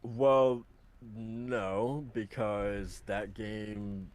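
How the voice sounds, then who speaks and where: A man's voice: on the low side, level tone, extremely slow, a little mellow. A man chatting casually on a podcast, rambling with lots of filler words, restarting his sentences and laughing easily. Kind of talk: casual chat about video games.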